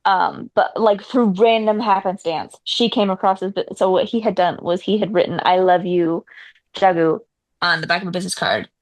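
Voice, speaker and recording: A woman's voice: medium pitch, fairly quick, few pauses, no echo. A young woman co-hosting a casual chat, retelling a film's plot and acting out the characters' lines. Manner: animated, acts out characters' lines.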